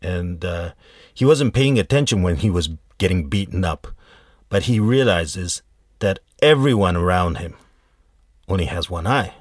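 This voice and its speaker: Slow, deep-voiced man telling a folk tale. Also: lively intonation, no room sound, studio quality. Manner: unhurried, halting retelling with fillers and restarts. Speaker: storyteller. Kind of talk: casual folk tale storytelling.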